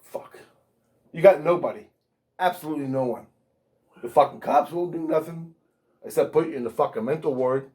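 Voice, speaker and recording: A man telling a story as an interview guest, profane and animated, swearing constantly. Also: on the high side, moderate pace, pauses often. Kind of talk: casual storytelling.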